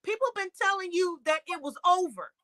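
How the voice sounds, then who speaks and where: A woman's voice: very high voice, animated, brisk, sharp tone, low-quality recording. A woman co-hosting a live-streamed sports talk show, fiery and firing off rhetorical questions.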